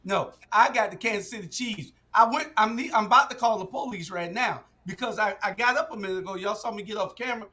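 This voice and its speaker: A man's voice: sits high, fast talker, hardly any pauses, sharp tone. A man hosting a sports talk show on a video call, joking around and steering the topic. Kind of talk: casual sports chat.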